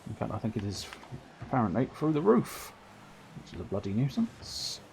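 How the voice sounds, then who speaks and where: A man giving excitable, self-mocking running commentary on his own gameplay while streaming, sometimes turned away from his microphone. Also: fairly low pitch, normal speed, gravelly, a little hiss or hum. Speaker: livestreamer. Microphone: desk microphone, sometimes turned away.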